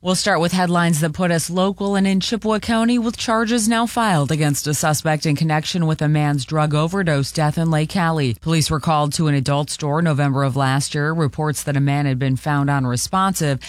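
A woman's voice: low voice, fairly quick, few pauses, no room sound. A woman reading local radio news headlines, with playful asides between stories. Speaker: news anchor.

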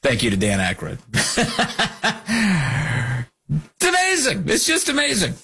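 Guy hosting a political talk show, bright voice, bit husky, mocking and lively. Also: high-pitched, takes it slowly. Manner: animated, mocking, acts out quotes. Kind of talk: opinionated political commentary.

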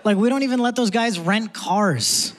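High-voiced man doing stand-up. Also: normal speed. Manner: conversational, punchy delivery with asides to the crowd. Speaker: stand-up comedian. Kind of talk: stand-up comedy set. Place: theater stage before a live audience. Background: audience laughter and faint room noise.

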